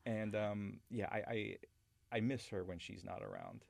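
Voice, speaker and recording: A man with a lowish voice hosts a casual film chat, rambling and enthusiastic and often restarting his sentences. The sound is dry and close, with no room around it. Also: big pitch swings, measured pace, vocal fry, no room sound. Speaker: podcast host.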